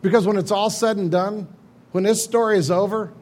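A man preaching in a relaxed, storytelling manner, his voice pitched fairly high with a husky, breathy edge. He slips into quick, lively retellings of old stories as he talks to his congregation. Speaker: pastor. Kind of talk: sermon.

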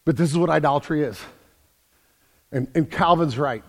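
Impassioned preacher in a reverberant hall. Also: male voice, a little high, moderate pace. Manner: impassioned, rising to loud emphatic preaching. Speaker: pastor. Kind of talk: sermon.

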